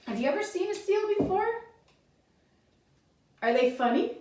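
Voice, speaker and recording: A woman's voice: extremely high pitch, animated, normal speed, pauses often, darkish tone. A woman teaching children's yoga through a story, guiding in an encouraging, sing-song way. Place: yoga studio. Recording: echoey room, voice from far off.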